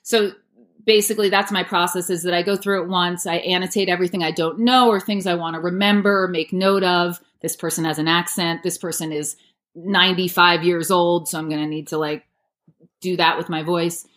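A woman in her thirties with a fairly low voice talks about her narration work. She is relaxed and chatty, filling her answers with "like" and light asides. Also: fairly quick. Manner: chatty, with many "like" fillers and light laughs. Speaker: audiobook narrator and voice actor. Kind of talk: casual interview answers.

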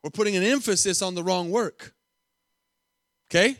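A man with a fairly high voice preaches a sermon from the pulpit. He speaks emphatically, repeating phrases and firing rhetorical questions at his listeners. The sound is dry and close, with no room echo. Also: moderate pace, a bit bright. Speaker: pastor.

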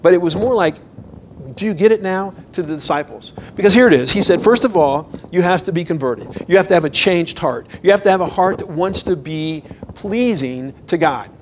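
Animated man preaching a sermon. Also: a little high, brisk, a little hiss or hum, low-quality recording. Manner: animated, conversational, rises to emphatic bursts. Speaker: pastor.

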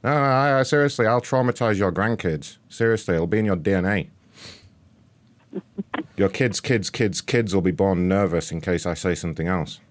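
A man hosting a show and making prank phone calls, delivering insults in a mock-polite, deadpan way. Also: low voice, moderate pace, a little hiss or hum. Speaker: host and prank caller.

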